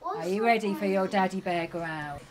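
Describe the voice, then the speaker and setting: A woman primary school teacher coaxing her class through a singing game in a lively way. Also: mid-range voice, moderate pace, heavy background noise.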